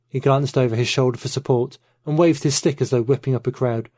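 A man narrating a novel in the first person, steady and measured. His voice sits in a middle pitch, recorded close with a dry, dead sound. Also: no room sound. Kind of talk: audiobook narration.

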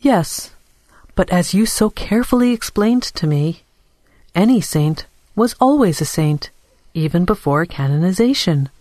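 A man's voice: high-pitched, expressive, a little slow, darkish tone, dry recording. A man voicing a guarded, grieving young woman with a law background, pressing pointed and suspicious questions. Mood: wary.

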